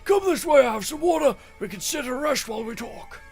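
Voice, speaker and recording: A man voicing a small, timid old hermit, wary and pleading, with drawn-out hums. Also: very high-pitched, animated, a little mellow, faint music behind. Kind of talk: game dialogue read-aloud.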